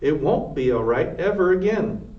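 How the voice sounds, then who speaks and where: A distraught, ferocious kitchen cook woman, put on by a man reading a storybook aloud, wails in a high, strained voice. Her loud outbursts ring out in a roomy space, heard from a distance on a dull recording. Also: expressive, moderate pace, natural voice. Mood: distraught wailing.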